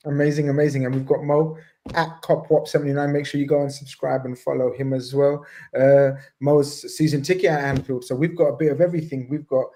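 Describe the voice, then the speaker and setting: A man hosting a casual fan panel over a video call, playful and excitable with jokey banter. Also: on the high side, fairly quick. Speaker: podcast host.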